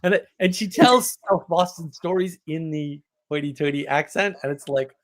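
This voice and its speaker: A man chatting casually on a live stream, quick to agree and trading stories. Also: a little high.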